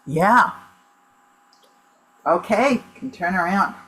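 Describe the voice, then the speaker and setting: A woman's voice: medium pitch, lively intonation, slow, fairly bright tone, breathy edge, low-quality recording. A woman performing in an improv guessing game, thinking aloud as she guesses.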